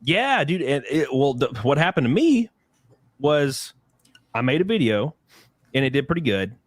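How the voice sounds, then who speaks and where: A male podcast host in loose, crude banter, his voice leaping around in pitch as he jokes. The sound is close and dry, with no room in it. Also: normal speed, no room sound. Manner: animated, crude, jokey. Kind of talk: casual podcast chat.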